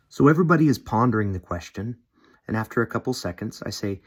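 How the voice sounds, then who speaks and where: A man's voice: fairly low pitch, animated, fast talker, slightly rough. A man training seminary teachers in an instructional video, friendly and demonstrating how to question students. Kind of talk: instructional video with classroom role-play.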